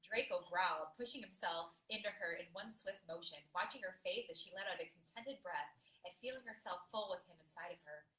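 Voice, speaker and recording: A woman's voice: lowish voice, a little fast, pushed and bright, far from the mic. A woman co-hosting a podcast, reading explicit fan fiction aloud and breaking off into laughing asides to her co-hosts. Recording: echoey room.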